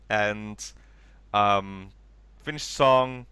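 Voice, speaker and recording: A man's voice: fairly low pitch, moderate pace, bright, forceful tone, smooth, dry recording. A tired man co-hosting a podcast, rambling through a recap of a TV special and acting out quoted lines in raised voices. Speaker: podcast co-host. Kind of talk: casual chat recapping a TV special.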